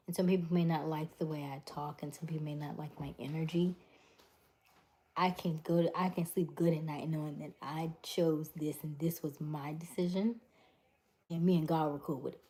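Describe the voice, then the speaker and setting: Speaking at a moderate pace through a webcam mic, a middle-aged livestream host broadcasts casually from home. Her voice is warm and low, and she stays lively while telling stories, playing out conversations and reading chat messages between them.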